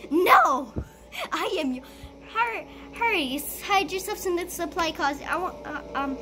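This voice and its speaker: A woman playing a school role-play game, talking excitedly through it and bursting into shrieks and giggles. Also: very high voice, a little slow, slight background noise. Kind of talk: playful gameplay commentary.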